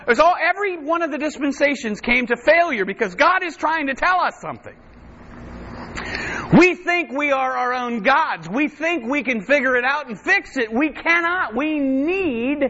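High, bright-voiced preaching man. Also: animated, unhurried, highs cut off, slight background noise. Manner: impassioned, emphatic preaching with rhetorical questions. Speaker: pastor. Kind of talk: sermon.

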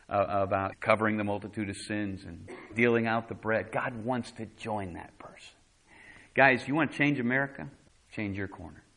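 A man's voice: medium pitch, a bit bright, low-quality recording. A man preaching a sermon as pastor, talking conversationally and voicing quotes dramatically.

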